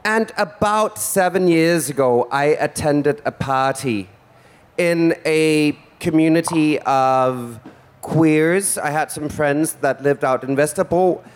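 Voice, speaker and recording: A man's voice: a little high, slow, clear, resonant tone. A man performing in drag as host of a stage comedy show, flamboyant and teasing in a theatrical way. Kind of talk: campy stage stand-up. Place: stage before a live audience.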